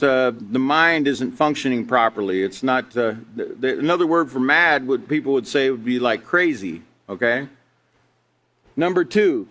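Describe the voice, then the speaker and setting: Leading a live online class on character education, this middle-aged man speaks with a fairly high pitch and a bit of brightness. His style is conversational as he works through slide text and tosses out rhetorical questions.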